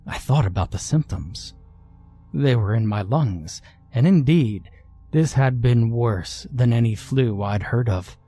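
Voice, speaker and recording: A man narrating a horror story in a measured, deliberate way. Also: mid-range voice, lively intonation, dark tone, husky, no echo, soft background music.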